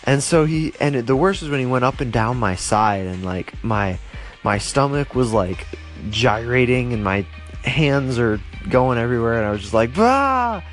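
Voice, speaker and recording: A young vlogger tells stories to his viewers on camera, rambling casually with plenty of fillers and restarts and getting livelier whenever he reacts. His voice is medium-pitched and moderately paced, with faint music in the background.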